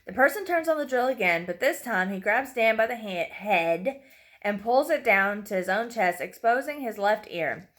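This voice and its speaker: Woman narrating a dark horror story. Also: medium pitch, animated, moderate pace. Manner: reads with occasional slips and apologies.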